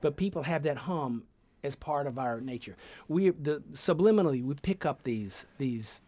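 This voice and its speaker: A man with a Southern US accent, a sound effects artist, telling stories in a radio studio interview, rambling and animated with many restarts. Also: fairly high pitch, moderate pace, no room sound. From Georgia, USA.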